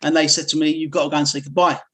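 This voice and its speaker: This rapid-fire male voice sits a little high, stays fairly flat in pitch, and has a fairly bright tone. The speaker is a middle-aged martial arts instructor from the UK who rambles through his life story in a candid interview, full of fillers and false starts.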